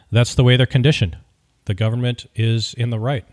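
A man tells a story in a wry, opinionated way and keeps it lively. His voice is mid-pitched, and the recording is close and dry with no room sound. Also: fairly quick, no echo. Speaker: podcast host. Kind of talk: casual storytelling.

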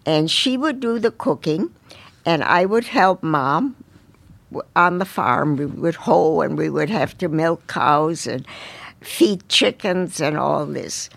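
An older woman speaks in a gravelly voice as an interview guest. She tells her stories at an unhurried pace and often restarts her sentences. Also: deep voice, lively intonation, dry recording. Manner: unhurried storytelling with frequent restarts. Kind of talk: casual interview reminiscence.

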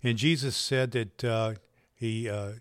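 A man's voice: medium pitch, steady tone, slow pace, clean tone, no echo, clean studio sound. A man hosting and teaching an online course in a loose, rambling way, telling jokes and stories. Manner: rambling, loose, with fillers and restarts. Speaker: host and doctor teaching a course. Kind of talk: casual spoken lesson.

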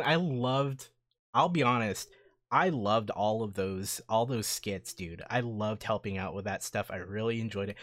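A man's voice: medium pitch, fairly bright tone. A man in his thirties reminiscing in casual chat, enthusiastic and fond, calling his friend dude.

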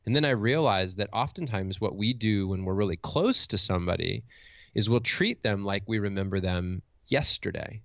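Gravelly middle-aged man, earnest storyteller. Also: fairly low pitch, animated, moderate pace, a bit bright, no room sound. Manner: reflective, earnest, with frequent restarts. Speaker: motivational speaker and coach. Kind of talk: storytelling in conversation. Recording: dull lo-fi dry recording.

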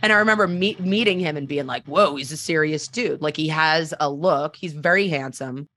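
A woman's voice: sits low, normal speed, sharp tone, no room sound. A woman hosting a personal storytelling podcast, talking candidly and conversationally with frequent fillers. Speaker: podcast host.

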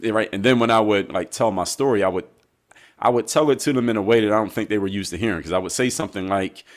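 Brief: male guest with a very low voice, a measured and reflective storyteller in an interview. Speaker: guest, basketball coach.

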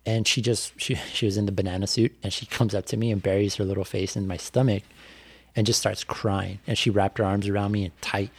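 A man's voice: fairly low pitch, flat delivery, fairly quick, breathy edge, no echo. A man, a bike racer, telling a personal story on a podcast in a candid, reflective way with lots of fillers. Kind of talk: casual podcast conversation.

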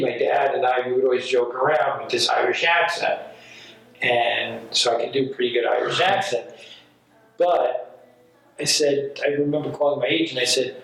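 Speaking with medium pitch and vocal fry, a working actor from New York tells rambling, lively stories packed with performed quotes. He's far from the microphone in a reverberant room with faint background ambience.

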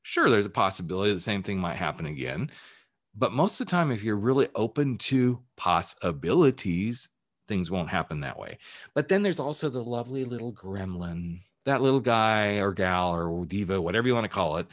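Low-voiced, candid male life coach. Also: animated, moderate pace. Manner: candid and emphatic, with casual swearing. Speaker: life coach and podcast host. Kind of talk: motivational podcast monologue.

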